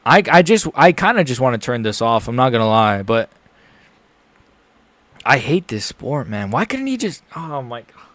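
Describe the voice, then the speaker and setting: A man's voice: mid-range voice, sing-song, normal speed. Frustrated young man ranting at a fight. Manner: frustrated, swings between muttering and yelling. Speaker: MMA streamer reacting live to a fight. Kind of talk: live fight reaction.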